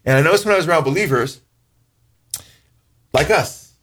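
Man, pastor, sermon teaching, earnest, emphatic rises in pitch, slow scripture reading. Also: lively intonation, a bit bright.

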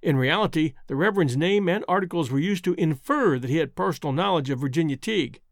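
Man, scripted narration, sardonic edge, slightly high voice, dry close sound. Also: lively intonation, quick pace, no echo.

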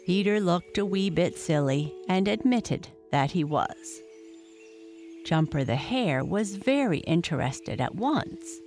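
A woman reading a bedtime story aloud in a calm, gentle way. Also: fairly low pitch, slow pace. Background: soft music.

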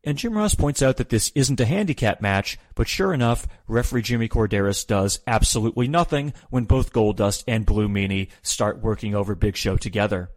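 Low-ish guy doing a sarcastic wrestling recap, dead dry close mic. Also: fairly quick, few pauses, no echo. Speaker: podcast host recapping wrestling. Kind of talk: scripted recap with opinionated asides.

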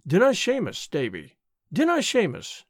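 A man reads an audiobook aloud, voicing a kindly, earnest old Scottish country minister who gives solemn, sermonizing counsel. His delivery is heavily acted, with a high voice, huge pitch swings and normal speed. The recording is close and dry.

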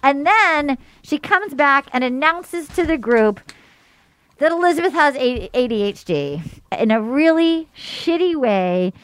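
Animated high-voiced woman hosting a chat. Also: a little slow, dry recording. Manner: animated, acts out quotes in voices. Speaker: podcast host. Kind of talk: casual chat, recapping a dating show.

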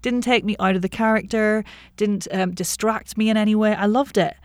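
A woman's voice: mid-range voice, steady tone, moderate pace, a little mellow, no echo, studio quality. A woman guest who coaches accents, talking casually and frankly, thinking aloud as she goes. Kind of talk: casual interview talk.

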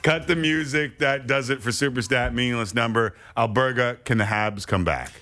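A man hosting a sports talk show, moderating a panel with brisk, joking quiz-style questions. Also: medium pitch, bright, forceful tone, soft background music.

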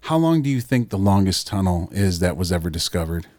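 A man's voice: sits low, big pitch swings, brisk, darkish tone, dry recording. A man co-hosting a podcast, joking and swearing in rambling casual chat. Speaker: podcast co-host.

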